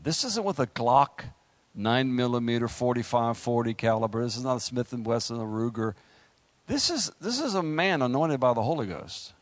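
Animated joking preacher. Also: male voice, medium pitch, no echo. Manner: lively, joking asides to the congregation. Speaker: preacher leading a Bible study. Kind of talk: sermon with scripture reading.

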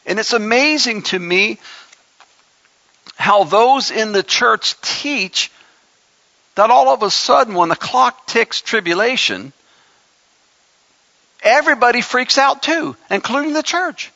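Gravelly, bright-voiced man preaching. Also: very high voice, expressive, slow, long pauses, no room sound, highs cut off. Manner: emphatic preaching with asides and humor. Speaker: pastor. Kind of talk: sermon.

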